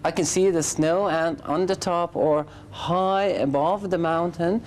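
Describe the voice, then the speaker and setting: Woman, English teacher, patient, corrects learners, mellow tone, faint room noise. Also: fairly low pitch, steady tone, a little slow. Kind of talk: classroom teaching.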